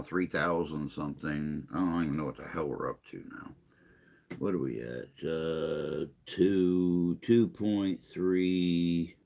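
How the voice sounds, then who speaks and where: Older male host, very low gravelly voice, slow rambling chat delivery, self-deprecating. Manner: rambling, self-deprecating, reads viewer comments aloud. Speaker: livestream host reading chat. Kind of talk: casual chat.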